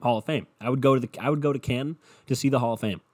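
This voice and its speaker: A man's voice: medium pitch, rapid-fire. Profane rambling man ranting casually. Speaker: solo podcast host. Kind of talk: casual unscripted rant.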